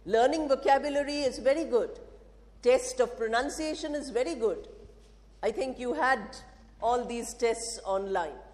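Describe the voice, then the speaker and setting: A woman's voice: fairly high pitch, unhurried, a little mellow. A woman with an Indian English accent, giving an emphatic English lesson to a class and asking rhetorical questions. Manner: emphatic, repeats and drills phrases, asks rhetorical questions. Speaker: English teacher. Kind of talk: classroom lecture. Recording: echoey hall with long reverb.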